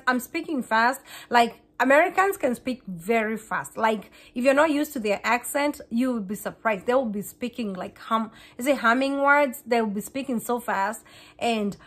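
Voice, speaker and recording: A woman, a Kikuyu speaker, chatting fast to camera in a casual vlog, often repeating and restarting words. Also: a little high, lively intonation. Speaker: vlogger.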